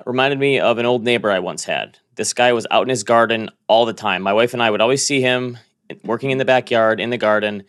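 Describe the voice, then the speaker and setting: A man hosting a casual finance podcast, talking in a quick, joking, conversational way and telling stories. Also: medium pitch, fairly bright tone. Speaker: podcast host.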